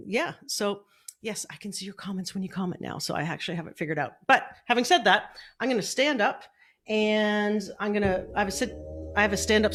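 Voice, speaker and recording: A woman's voice: medium pitch, a bit bright. A middle-aged woman coaching online business on a casual live stream, chatty and upbeat while fiddling with her setup at home. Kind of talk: casual Facebook Live training. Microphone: desk mic, moved around during the stream.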